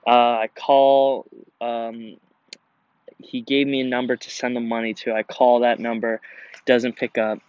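A young man hosting his own podcast outdoors, telling a story casually in a relaxed, slangy way with lots of fillers and restarts. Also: mid-range voice, measured pace, clean tone, no room sound, dull audio. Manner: laid-back, slangy, many fillers and restarts. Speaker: podcast host. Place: outdoors in nature.

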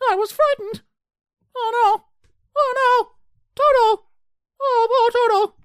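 A man voicing a frightened young farm girl with shrill, wailing, panicky cries. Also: slow, fairly bright tone, no echo, clean studio sound, heavily acted. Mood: panicked.

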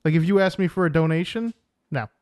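A man co-hosting a casual podcast chat, teasing his co-host with quick jokes. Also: fairly high pitch, darkish tone, no room sound, clean studio sound.

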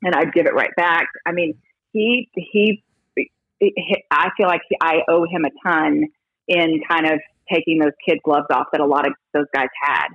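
A woman who reports on baseball broadcasts, chatting in an interview as an animated storyteller who restarts her sentences a lot. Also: deep voice, normal speed, slightly rough, no room sound, highs cut off. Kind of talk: casual interview talk.

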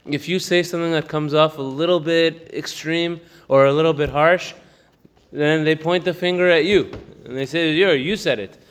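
A slightly high male voice, clear and resonant with fairly even intonation, rings out with a long reverb tail. He teaches Torah casually, reading Hebrew quickly and then explaining in English, often breaking into laughter.

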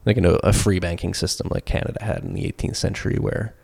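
A man's voice: low-pitched, fast talker, gravelly, a little mellow. A man co-hosting a casual podcast, rambling through his points with many fillers and self-corrections. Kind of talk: casual debate chat.

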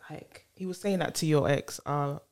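Relaxed voice in casual chat. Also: mid-range voice, normal speed. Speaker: podcast co-host.

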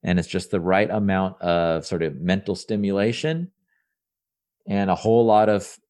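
Low-voiced man rambling through restarts. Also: moderate pace, a little mellow. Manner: rambling, with many restarts and repeated words; earnest and upbeat about his work. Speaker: entrepreneur guest. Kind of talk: casual podcast interview.

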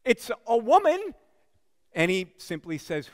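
A man's voice: high-pitched, lively intonation, unhurried, long reverb tail. A man preaching a sermon as a pastor, telling the story in a conversational way with frequent asides to the congregation.

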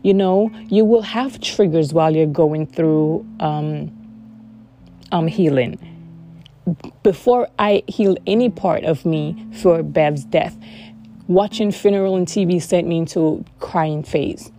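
Woman, low warm voice, earnest personal monologue, emphatic repetition. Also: takes it slowly, soft background music. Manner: earnest, repeats words for emphasis. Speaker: vlogger sharing personal experience. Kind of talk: heartfelt casual monologue.

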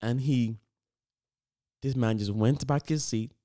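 A man hosting a casual solo podcast, rambling and animated with lots of fillers, hyping things up. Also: medium pitch, measured pace. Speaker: podcast host.

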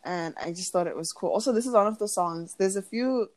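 A young woman chatting casually as a podcast co-host, laughing often and full of fillers. Her pitch sits in the middle of the range. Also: brisk. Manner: giggly, animated, lots of fillers, acts out quotes in a high voice. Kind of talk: casual chat.

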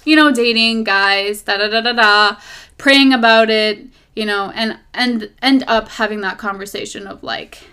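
Podcast host, woman, casual and animated faith talk, drifts off topic, phone memo sound. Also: fairly high pitch, moderate pace, clean tone. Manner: rambling and animated, drifting off topic, lots of fillers.

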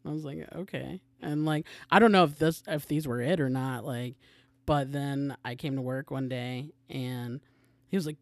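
A man's voice: a little high, normal speed, creaky, no echo. A man chatting casually as a podcast guest, rambling with lots of filler words. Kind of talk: casual chat.

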